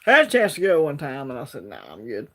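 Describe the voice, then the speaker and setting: A man's voice: on the high side, wildly swooping pitch, fast talker, bright, forceful tone. A man with an Alabama Southern accent hosting a casual livestream, chatting in a laid-back, rambling way and greeting viewers by name. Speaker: livestream host.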